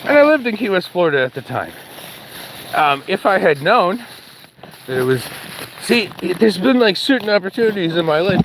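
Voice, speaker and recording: A man's voice: sits high, sing-song, normal speed, long pauses, background noise. A man rambling jokily while live-streaming a walk outdoors with his dog, chatting to his viewers. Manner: jokey, rambling, talks to chat and his dog.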